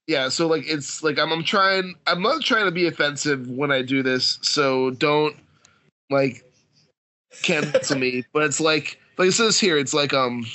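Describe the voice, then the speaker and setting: A man's voice: fairly high pitch, measured pace, sharp tone. A man co-hosting a podcast, chatting about a book in a laid-back, loose way. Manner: laid-back, laughing often, loose with words. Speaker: podcast co-host. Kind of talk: casual chat about books.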